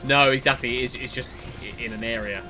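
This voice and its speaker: A man, hosting a podcast stream and chatting excitedly while playing a game. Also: medium pitch, brisk, music in the background.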